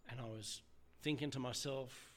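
A middle-aged man with an Australian accent, a former police officer telling his story as an interview guest, halting and emotional, often restarting his sentences. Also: fairly even intonation, slight background noise. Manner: halting, restarts often, voice drops low when quoting others. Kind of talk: candid personal storytelling.

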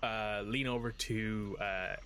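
A man's voice: fairly low pitch, steady tone, slow pace, background noise. Hesitant male tabletop player. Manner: casual, hesitant with ums and uhs. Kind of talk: tabletop game play.

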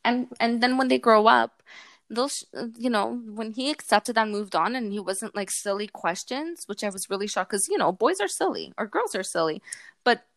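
A woman's voice: on the high side, moderate pace, vocal fry, no echo, clean studio sound. A woman hosting a podcast, chatting casually and acting out bits of dialogue as she tells stories. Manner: animated storyteller, acts out dialogue with her son. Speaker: podcast host. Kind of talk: casual chat.

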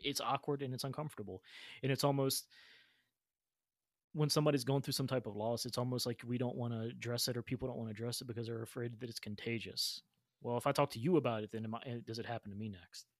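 Fast-talking podcast host, dry sound. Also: medium pitch, fairly even intonation, no echo. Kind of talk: conversational interview.

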